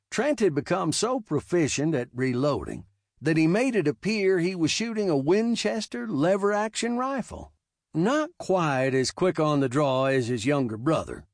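A man narrating a western novel as an audiobook, with expressive storytelling. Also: fairly high pitch, no echo, clean studio sound.

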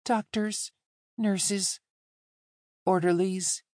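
A raised, strained voice for a troubled young man locked in an institution, put on by a male narrator. He speaks in a plaintive, accusing way, the words slow and sparse, recorded close and dry with no room sound at all. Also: high-pitched, steady tone, darkish tone, dry recording, pitched above the performer's own voice. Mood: tense, plaintive. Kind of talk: audiobook character voice.

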